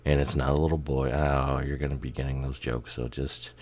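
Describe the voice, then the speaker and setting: A man's voice: very deep voice, little pitch movement, brisk, darkish tone. A man giving casual, rambling commentary over a music video, swearing and laughing, a bit tired and tipsy.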